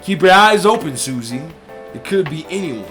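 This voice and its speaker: A man voicing a grim male detective in a game, with a raspy put-on southern drawl. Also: a little high, lively intonation, moderate pace, a bit bright, faint music behind. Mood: ominous.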